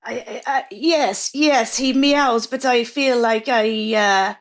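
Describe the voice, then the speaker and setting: A woman's voice: on the high side, slow. A woman playing a tabletop game in character, hesitant and stammering. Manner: hesitant, stammering, mildly sheepish. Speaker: player.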